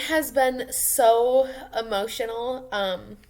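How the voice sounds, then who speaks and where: Slow-talking emotional young mom. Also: female voice, fairly high pitch. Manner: emotional, rambling, many ums and soft laughs. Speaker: mom vlogger. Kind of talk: casual personal vlog.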